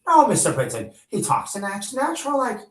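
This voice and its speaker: A man voicing a timid, anxious woman housekeeper in a high, pleading voice, read aloud to a class. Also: wildly swooping pitch, a little fast. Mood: meek, anxious. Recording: echoey room.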